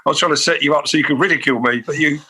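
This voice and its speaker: A man's voice: on the high side, sharp tone, slightly rough. Chatty man co-hosting a podcast. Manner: chatty, laughs often, quick restarts. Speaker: podcast co-host. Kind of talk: casual chat.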